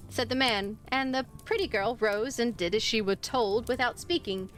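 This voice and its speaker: A woman reading a spooky story aloud on a live stream, expressive in how she voices the dialogue. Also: fairly high pitch, normal speed, hardly any pauses. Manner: expressive, lively voicing of dialogue. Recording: faint music behind.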